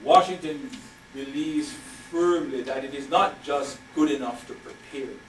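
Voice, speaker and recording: An older man lecturing as a university professor, measured and emphatic, repeating his key phrases. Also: mid-range voice, a little hiss or hum. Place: lecture hall. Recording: echoey lecture hall from far off.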